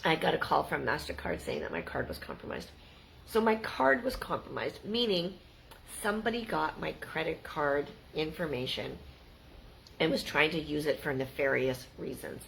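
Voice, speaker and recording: Woman, middle-aged, from Canada, casual vlog storytelling, animated, gravelly, low-pitched, faint background noise. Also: moderate pace, rough recording. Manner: chatty and animated, acts out the people in her stories. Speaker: vlogger.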